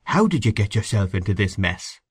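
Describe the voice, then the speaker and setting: A man reading a story aloud, voicing a sociable gentleman who greets and reassures a hurt friend in a hearty manner. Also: lowish voice, sing-song, brisk, slightly rough, no echo, clean studio sound.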